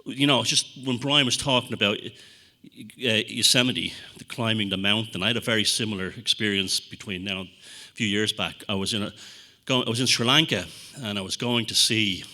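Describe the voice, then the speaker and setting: A man giving a talk to an audience, telling stories in an animated, profane way and acting out quotes. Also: lowish voice. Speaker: speaker at a talk. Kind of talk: anecdotal public talk to an audience.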